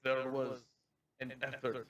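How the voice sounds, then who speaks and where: A man playing in a tabletop game, speaking in a measured, solemn way. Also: mid-range voice, completely flat delivery, fairly bright tone. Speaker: player.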